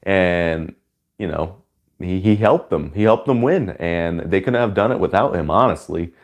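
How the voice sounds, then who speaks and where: A man with a fairly low voice gives a casual, rambling movie review. He fills his talk with "like" and "you know". When excited, he jumps into loud, high cheers. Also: a little slow.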